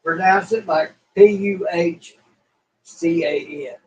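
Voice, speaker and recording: A man's voice: sits high, takes it slowly. A man chiming in with dry, teasing asides during a live chat. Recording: dull, from far off the mic.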